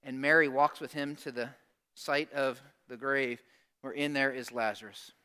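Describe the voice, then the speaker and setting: A man preaching a sermon, telling a story in an animated, conversational way and acting out the people in it. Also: mid-range voice, normal speed, clear, resonant tone. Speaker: pastor.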